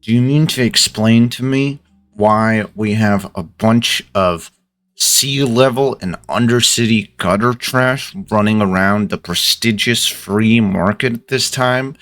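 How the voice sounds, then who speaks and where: Man putting on a haughty woman boss voice, raised pitch, scolding, condescending, tabletop game. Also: big pitch swings, a little slow, bright, forceful tone, no echo, heavily acted. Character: bossy, imperious woman office boss.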